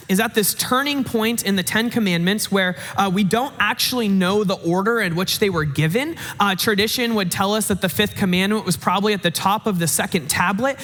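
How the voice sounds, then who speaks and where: A man's voice: high-pitched, a bit bright. A young man in his twenties giving a casual, conversational sermon, with frequent fillers like "uh" and "like". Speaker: pastor. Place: church sanctuary. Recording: long church hall reverb.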